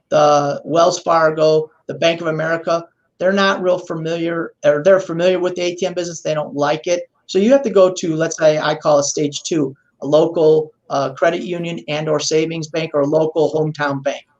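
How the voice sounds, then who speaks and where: A man as a podcast guest, explaining in a relaxed way and telling a long story in which he acts out the voices of the people he quotes. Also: fairly high pitch, normal speed, dull audio. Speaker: guest expert.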